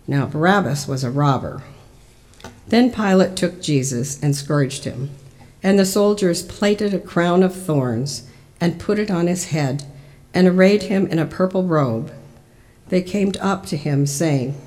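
A lector giving a liturgical Scripture reading in an even, unhurried narration. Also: medium pitch.

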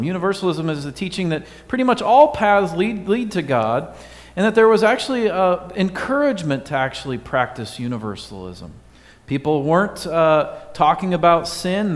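A male pastor giving a conversational sermon, quizzing his congregation with a light, joking manner. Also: a little high. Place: church sanctuary. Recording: long hall reverb.

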